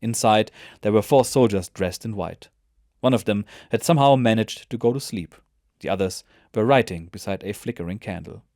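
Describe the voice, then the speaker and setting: A man reads a soldier's memoir aloud in a measured, steady way. His voice is low, and the recording is dry and close. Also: no room sound. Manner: measured, even narration. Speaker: narrator. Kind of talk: audiobook memoir reading.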